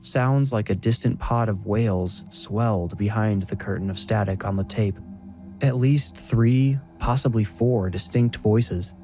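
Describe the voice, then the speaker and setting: A man narrating a horror story in a measured, even storytelling manner. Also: on the low side, soft background music.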